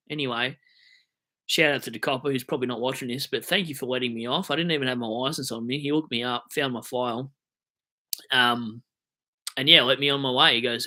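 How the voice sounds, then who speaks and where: A man's voice: medium pitch, a little fast, bright, forceful tone. A young Australian man hosting a fantasy football live stream, rambling and joking as he answers chat comments, with hiccups.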